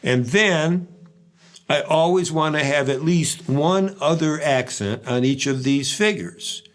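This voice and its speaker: An older man teaching drum phrasing, explaining in a relaxed way and scatting the patterns aloud between playing. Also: fairly high pitch, slow pace, slight background noise. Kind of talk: demonstrating drumming.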